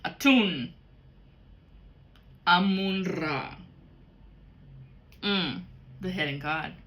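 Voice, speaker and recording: Bright-voiced, profane woman reading tarot. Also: on the low side, drawn-out words, muffled recording, slight background noise. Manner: blunt and profane; talks directly to the viewer. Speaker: tarot card reader. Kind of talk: casual spiritual card reading.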